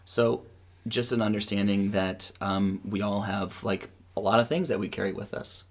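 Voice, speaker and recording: A man's voice: on the low side, fairly even intonation, normal speed. A man from the cast answering an interview question thoughtfully, rambling with many fillers. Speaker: cast member.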